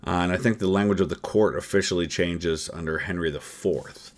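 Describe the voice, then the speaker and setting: A man's voice: sits low, a little fast. A man hosting a history channel, reacting to a trivia quiz and musing through each answer with plenty of ums and uhs. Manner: thinking aloud, hesitant with many fillers.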